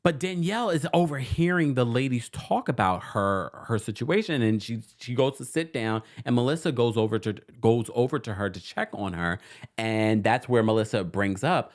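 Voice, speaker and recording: Casual recap host with a New York accent, lively pitch, animated and chatty. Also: male voice, normal speed. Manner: animated, chatty, quotes people in lively mimicry.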